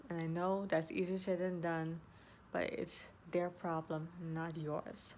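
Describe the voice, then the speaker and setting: An earnest woman gives casual advice in a low-pitched voice. She circles back and restarts her sentences. A faint hum of background ambience sits behind her. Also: level tone, measured pace, darkish tone. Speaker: vlogger. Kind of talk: casual advice talk to camera.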